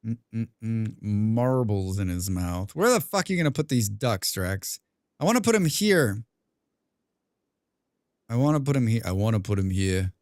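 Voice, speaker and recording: A young man streaming a game, chatting casually with his viewers, rambling and clearing his throat often. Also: mid-range voice, big pitch swings, normal speed, pauses often, dry recording, clean studio sound. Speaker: gaming livestreamer. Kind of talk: casual livestream chat while playing.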